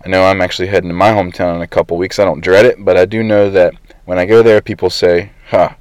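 A man's voice: low voice, little pitch movement, fast talker, a little mellow, clear, resonant tone, dry recording. A man in his thirties, a pastor preaching a conversational sermon with frequent fillers.

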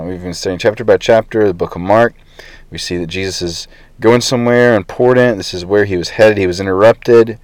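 Low-voiced man preaching casually. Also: darkish tone, no echo. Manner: conversational preaching with fillers. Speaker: pastor. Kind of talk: sermon.

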